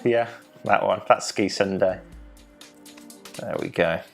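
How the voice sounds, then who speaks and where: A man's voice: lowish voice, slow pace, creaky, faint music behind. A young man hosting an online quiz from home, playful and jokey, stumbling over foreign names. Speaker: quiz host.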